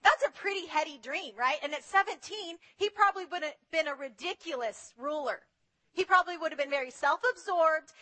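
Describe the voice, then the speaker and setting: A woman delivers a sermon with a very high, bright voice. She is animated and slips into little voices for the people she quotes. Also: brisk. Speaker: preacher.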